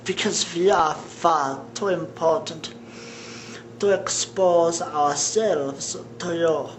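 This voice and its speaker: Someone in a played clip voicing a sinister elite villain with a put-on German accent, slow and theatrical. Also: medium pitch, slight background noise, close to an everyday voice. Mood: menacing.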